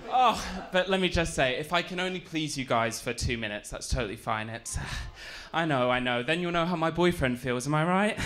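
A man's voice: a little high, fairly bright tone. A young man with an English accent doing a camp, self-deprecating stand-up set, giggling between jokes. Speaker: stand-up comedian. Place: comedy club stage. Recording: live club audio with audience noise. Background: audience laughter.

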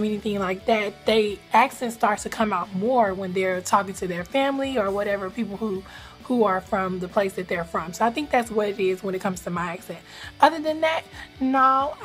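A young woman from Atlanta with a light Southern accent, chatting fast and casually to camera with lots of "like". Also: mid-range voice, fairly bright tone. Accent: Atlanta Southern American. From Atlanta, Georgia, US. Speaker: vlogger.

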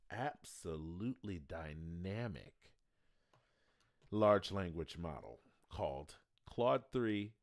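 A man's voice: low-pitched, creaky, dry recording, studio quality. A man hosting a casual livestream, talking in a rambling, folksy way and chuckling often. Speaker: livestream host.

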